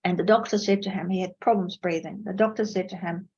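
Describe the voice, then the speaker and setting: A woman's voice: steady tone, quick pace, warm tone, husky, muffled recording. Woman telling lecture anecdotes. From Netherlands. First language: Dutch. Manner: anecdotal, storytelling with emphatic pitch jumps. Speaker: interpreting lecturer. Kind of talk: online academic seminar talk. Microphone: video call.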